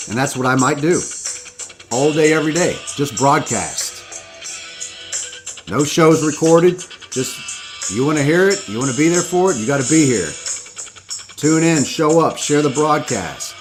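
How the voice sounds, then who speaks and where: A man's voice: a little high, expressive, measured pace, pauses often, music in the background. Profane, fired-up male podcast host. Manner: profane, preachy, rallying the listener. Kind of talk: impassioned live-stream monologue.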